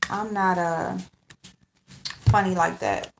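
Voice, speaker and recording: Speaking slowly in a low, gravelly voice, a woman hosts a casual live stream, keeping her tone steady as she chats and greets viewers by name. Background noise and room echo are audible.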